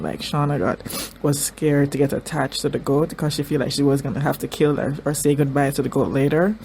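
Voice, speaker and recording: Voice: medium pitch, a little mellow, slight background noise. A show reaction vlogger in casual commentary, crying through it and talking emotionally, with stammers and restarted sentences.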